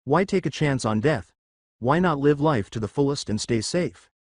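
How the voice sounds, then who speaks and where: A man narrating a fan fiction story, reading at an even storytelling pace. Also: mid-range voice, moderate pace, dry recording, clean studio sound.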